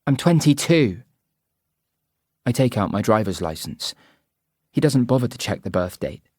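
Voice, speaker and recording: A man reading a first-person audiobook narration in an even, measured way. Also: fairly low pitch, no echo, studio quality.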